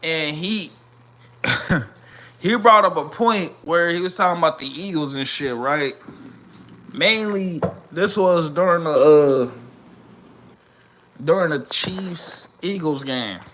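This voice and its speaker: A man giving a profane, animated sports rant from home in a casual vlog, swearing and laughing often. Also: a little high, slow pace, pauses often, slight background noise. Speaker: vlogger. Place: home room.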